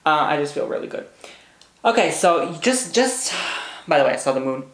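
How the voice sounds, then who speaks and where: A man's voice: fairly high pitch, very animated, moderate pace, creaky, a bit bright, reverberant. A man giving a pick-a-card tarot reading, bubbly and hyper, gushing and repeating words. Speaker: tarot reader.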